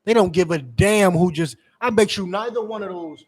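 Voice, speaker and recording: A man with a high-sitting voice preaches at a normal speed in a fiery, mocking street-preacher style. Heated and profane, he calls on others to read scripture aloud. He is a preacher and teacher.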